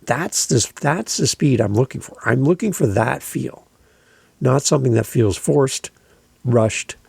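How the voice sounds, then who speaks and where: Podcast guy giving tips, super gravelly raspy voice, talks like he's chatting over coffee. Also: mid-range voice, lively intonation, measured pace, a little mellow, no room sound. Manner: conversational, emphatic, gesturing with hands while speaking. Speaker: podcast host and coach. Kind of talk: casual instructional monologue.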